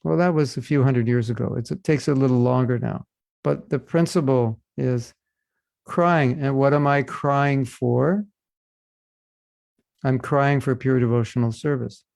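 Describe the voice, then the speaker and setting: A man's voice: medium pitch, steady tone, unhurried, vocal fry, a little mellow, no room sound, clean studio sound. A man teaching a devotional class, earnest and addressing listeners with rhetorical questions. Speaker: spiritual teacher.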